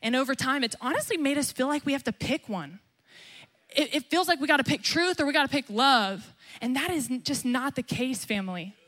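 Young woman preaching to her church, really emphatic, bright voice sitting kinda high. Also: animated, brisk. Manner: emphatic, acts out quotes with rising pitch. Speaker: pastor. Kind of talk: sermon.

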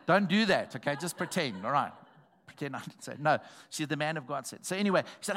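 A man preaching a sermon, telling a testimony in a storytelling way that builds to shouted exhortation. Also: on the high side, animated, a little fast.

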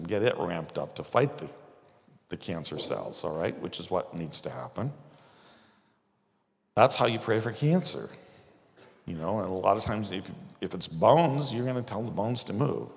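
A man's voice: on the low side, sing-song, moderate pace, gravelly, big-room sound. A man preaching a conversational sermon, telling stories with acted-out quotes. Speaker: pastor. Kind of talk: sermon teaching with storytelling.

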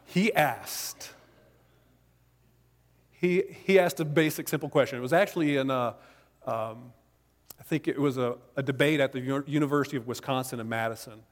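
A man's voice: medium pitch, normal speed, pauses often. A man preaching a sermon in a church sanctuary, talking conversationally with jokes and asides. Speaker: pastor. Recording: long reverb of a large hall.

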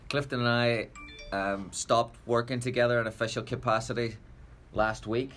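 A man hosting a coaching podcast, speaking in a measured, reflective way as he tells stories. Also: mid-range voice, steady tone, a bit bright, faint music behind. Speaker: podcast host, soccer coach. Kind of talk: podcast chat and storytelling.

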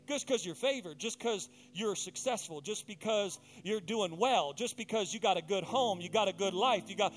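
A male pastor preaching a passionate sermon, mixing conversational asides with emphatic, rising peaks. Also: high voice.

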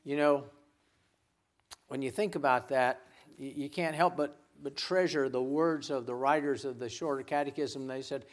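A man preaching a sermon as a guest pastor, earnest and given to repeating words, dropping to a hush when he quotes names. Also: medium pitch, fairly even intonation, normal speed.

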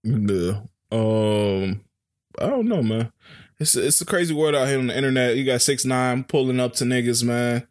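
A man's voice: mid-range voice, moderate pace. A man co-hosting a casual podcast chat, laid-back, trailing off and laughing often. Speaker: podcast co-host.

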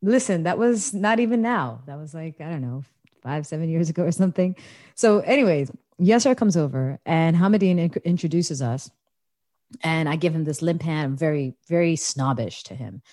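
A woman's voice: sits low, moderate pace, no room sound, studio quality. A woman from the United States telling a funny party story in casual chat, laughing and acting out the people she quotes. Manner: animated, laughing, acts out quoted voices.

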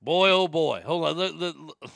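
A man's voice: fairly high pitch, normal speed, gravelly, very noisy. A man hosting a talk show, giving casual news commentary that rambles and stammers, with crude joking asides.

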